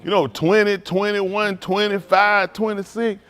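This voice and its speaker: Preaching a funny sermon, this man has a high, smooth, fairly bright voice with little pitch movement and an unhurried pace. He laughs a lot, cracks jokes, and calls out to the congregation for responses, rambling colloquially and restarting often.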